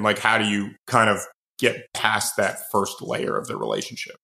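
A man's voice: on the low side, little pitch movement, moderate pace, creaky, pushed and bright. A male podcast host asking casual, conversational questions and filling his speech with "like". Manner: conversational questions with many "like" fillers. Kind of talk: casual interview talk.

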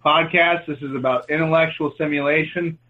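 A man's voice: on the high side, fairly even intonation, fairly quick. Crude joking man, tinny line. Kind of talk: casual podcast chat.

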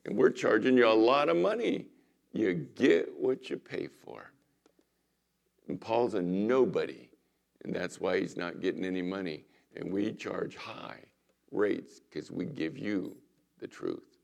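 A man preaching a sermon as pastor, retelling scripture stories dramatically and dropping to a hushed voice for quoted lines. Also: low voice, animated, a little slow, gravelly, muffled recording.

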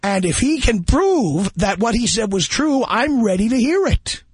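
A man's voice: very high-pitched, big pitch swings, measured pace, breathy edge, no echo, clean studio sound. A man hosting a call-in radio show, talking bluntly and emphatically and joking with callers. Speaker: radio talk show host.

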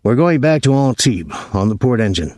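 A man reading an audiobook, voicing a calm, reassuring middle-aged boat owner. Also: medium pitch, normal speed, dry recording, studio quality, pitched above the performer's own voice, close to an everyday voice.

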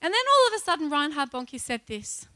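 A high-pitched woman shares a personal testimony as a church speaker. Her voice is bright and the sound is close and dry, with no room around it. She moves between quiet narration and loud, emotional re-enactments of her own pleas. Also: very animated, a little fast, no echo. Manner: emotional storytelling that breaks into loud pleading re-enactments.

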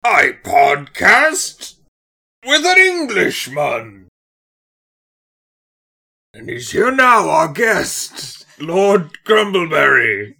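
A pompous English lord, as a man puts him on for a comic podcast bit. He booms slowly from a distance, his voice swooping widely and crackling with gravel. He sounds sharp and bright. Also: wildly swooping pitch, exaggerated voice. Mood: grandiose.

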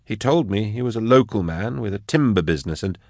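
A man's voice: on the low side, animated, brisk, vocal fry, a little mellow, no echo, clean studio sound, voice pushed up. A man voicing a shaken older male scholar who hesitates and gropes for words. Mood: uneasy.

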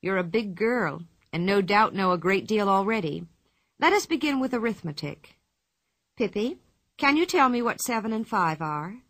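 A woman reading a storybook aloud, voicing a kind, patient schoolteacher in a friendly, measured way. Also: mid-range voice, lively intonation, fairly bright tone, no echo.

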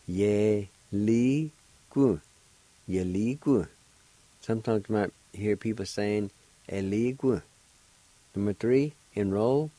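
A man leads a radio language lesson, spelling each word and sounding it out one syllable at a time. His voice sits low and warm, and the sound is close and dry with no room around it. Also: no echo, low-quality recording. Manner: spells and pronounces words syllable by syllable, patient drilling. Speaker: radio host teaching a language.

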